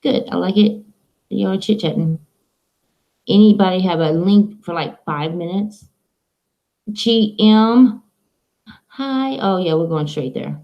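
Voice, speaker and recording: A woman's voice: medium pitch, slow, long pauses, dull audio. A woman streaming live from home, chatting in a rambling, casual way to her viewers and her dog.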